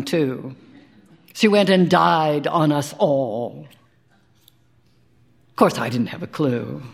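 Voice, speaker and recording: A woman, an actor, giving a live dramatic reading of a first-person short story, in a wry, conversational way with dry asides. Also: deep voice. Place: live stage performance.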